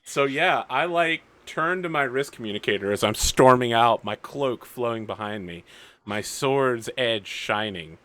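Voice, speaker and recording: Bright-voiced man narrating a tabletop game. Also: mid-range voice, lively intonation, measured pace. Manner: dramatic, half-joking narration with in-character lines. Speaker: game host and player.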